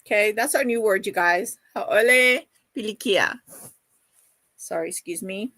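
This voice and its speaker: A woman's voice: medium pitch, unhurried, pushed and bright, no echo. A middle-aged woman hosting a casual livestream, chatting and reading viewer comments aloud in a gushing, affectionate way. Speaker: livestream host.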